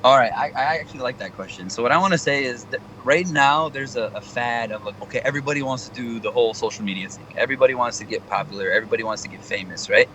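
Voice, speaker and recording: A young male comedian chatting as a radio guest, animated and motivational in tone. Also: mid-range voice, fast talker, hardly any pauses, a little hiss or hum, poor audio. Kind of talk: casual radio interview chat.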